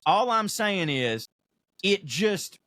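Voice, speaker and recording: A middle-aged man with a Southern US accent, a comedian co-hosting a podcast, emphatic and repeating his points, quick to laugh. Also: high voice, sing-song, sharp tone, no echo, studio quality. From American South. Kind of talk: casual podcast chat.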